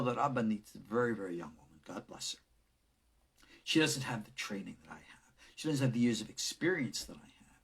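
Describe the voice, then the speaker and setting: A middle-aged male rabbi delivers a recorded lecture, moving between forceful stressed words and near-whispered asides. His voice is husky and a little breathy, and his pitch rises and falls widely from phrase to phrase. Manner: dramatic, swings from loud emphasis to hushed whispers. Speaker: rabbi teaching Kabbalah.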